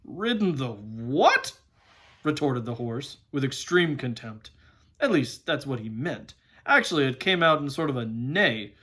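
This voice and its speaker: A man reading a storybook aloud to his nieces and nephews, narrating softly between the characters' lines. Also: medium pitch, animated, moderate pace, slightly rough.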